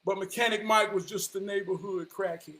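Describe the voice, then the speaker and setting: A man, telling a personal story in an animated, vernacular way. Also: high-pitched, a little fast. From Charlotte, North Carolina. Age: 40s. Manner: animated, vernacular, quotes people in dialogue.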